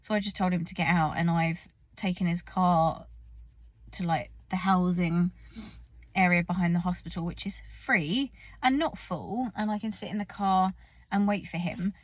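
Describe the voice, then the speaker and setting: A woman's voice: lowish voice, fairly even intonation, normal speed, no room sound. A woman in her thirties chatting casually to camera in a vlog, cold and yawning, with a self-mocking manner. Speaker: vlogger. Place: parked car.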